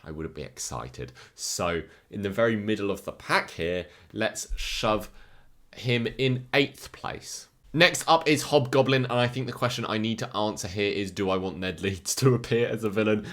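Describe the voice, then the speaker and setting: An English man hosts a casual video in a relaxed, chatty way, mixing excited outbursts with dry, deadpan asides. His voice sits a little low. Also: normal speed. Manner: chatty, jokey, swings between excited and deadpan. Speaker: YouTuber ranking comic villains. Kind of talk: casual opinionated commentary.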